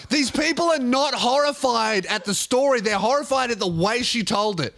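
A man's voice: very high voice, moderate pace, vocal fry, fairly bright tone. A man hosting a comedy podcast, reacting to a talk show clip with sarcastic, swearing commentary.

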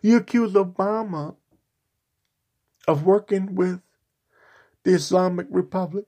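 A man's voice: high-pitched, unhurried, mellow. A man delivering a sarcastic, mocking opinion rant on a vlog, hammering his points with repetition and insults. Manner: repetitive, emphatic rhetoric. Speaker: political commentator.

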